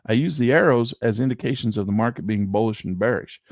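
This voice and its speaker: Gravelly man explaining stock charts. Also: medium pitch, darkish tone, dry recording, studio quality. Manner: emphatic, rhetorical asides and mock pauses. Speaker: trading instructor. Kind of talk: screen-share chart walkthrough.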